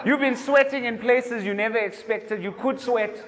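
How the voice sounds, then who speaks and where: A South African man doing stand-up comedy, telling stories with animated mock outrage. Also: extremely high pitch, normal speed, big-room sound. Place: comedy venue, indoors.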